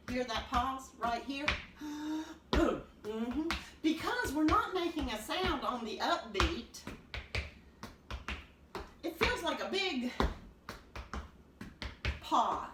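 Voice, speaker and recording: Upbeat woman dance teacher, slow and lilting, high-ish voice, echoey room, away from the mic. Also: far from the mic. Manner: upbeat, counts beats aloud while stomping. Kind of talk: demonstrating a dance lesson. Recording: roomy, from off the mic, noisy.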